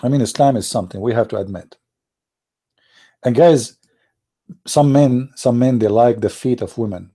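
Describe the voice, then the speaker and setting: A man, hosting a mocking commentary on pictures he shows, sarcastic and laughing with mock excitement. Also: medium pitch, moderate pace, pauses often. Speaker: channel host.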